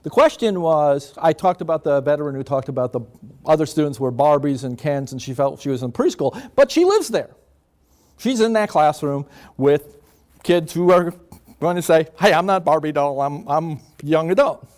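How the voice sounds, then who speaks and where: An older man lectures a room as a guest psychologist, his voice sitting a little high for a man and swinging widely in pitch. He talks in a loose, conversational way, firing questions at his listeners as he goes. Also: moderate pace. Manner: animated, conversational, asks the audience questions. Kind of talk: lecture to an audience.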